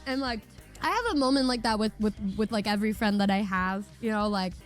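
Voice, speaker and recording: A woman streamer telling a funny story with animated energy, swearing and laughing along the way. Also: medium pitch, brisk, faint music behind. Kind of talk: casual storytelling.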